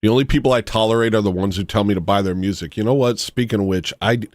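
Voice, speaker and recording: A man's voice: lowish voice, quick pace, dry recording, clean studio sound. A man hosting a livestream, reacting to a video with joking, sarcastic commentary and frequent laughter. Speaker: livestream host.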